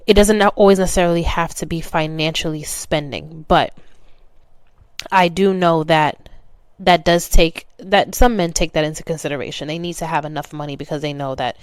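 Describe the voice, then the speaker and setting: A woman's voice: low-pitched, fairly even intonation, moderate pace, smooth, no echo. A young adult woman talking candidly and animatedly as a podcast host, speaking straight to the listener. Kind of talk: casual monologue.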